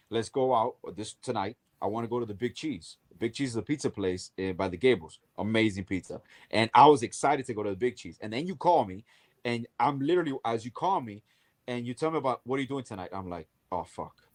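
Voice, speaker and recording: A middle-aged man talks quickly in a relaxed podcast chat, his voice swinging widely in pitch as he retells events. He swears freely and speaks in a plain, mid-range voice. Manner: laughs along, animated retelling with swearing. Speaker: podcast co-host. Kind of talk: casual chat.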